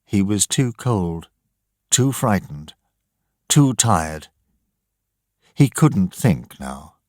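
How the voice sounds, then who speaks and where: A man narrates a storybook slowly and deliberately, letting his pitch rise and fall freely. The recording is dry and close, with no room sound. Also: very animated, a little mellow, no echo. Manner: measured and deliberate. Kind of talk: slow, expressive storybook narration.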